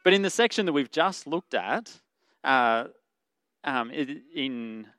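A man delivering a sermon in an earnest, conversational manner at a middling pitch. He corrects himself mid-sentence and goes quieter when quoting scripture. The sound is dry and close. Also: lively intonation, takes it slowly, no echo. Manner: earnest, conversational preaching with fillers and self-corrections. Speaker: pastor.

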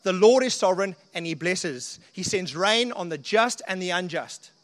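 A man with a high-pitched voice preaching a sermon, earnest and conversational, often turning to his listeners with questions. His voice rings with the long reverb of a church hall. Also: lively intonation, moderate pace. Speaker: pastor.

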